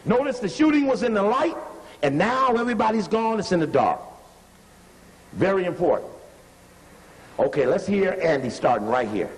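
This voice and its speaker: A man giving emphatic, animated commentary over archival video, repeating points and telling someone to stop and rewind the playback. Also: sits high, moderate pace, long pauses, in a large hall, poor audio. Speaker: lecturer analyzing archival footage.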